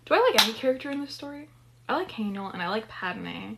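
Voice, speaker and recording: A woman's voice: fairly high pitch, very animated, fast, creaky, very noisy. A woman reading a story aloud and chatting about its characters between passages. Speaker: story reader.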